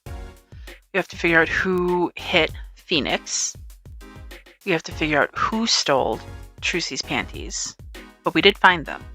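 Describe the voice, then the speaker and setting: A woman's voice: deep voice, pushed and bright. A woman casually commentating a game she plays, chatty and giggly, reading dialogue aloud. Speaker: let's play streamer.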